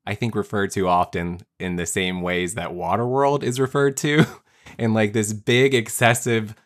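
A man with a somewhat low voice leads a casual movie podcast chat. He talks quickly and in an upbeat, joking way as he introduces his co-hosts. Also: steady tone. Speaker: podcast host.

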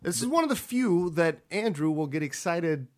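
Podcast co-host, male, loose joking banter, lively swings in a fairly high voice. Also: moderate pace. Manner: joking, swears freely, animated. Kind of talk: casual movie-review podcast chat.

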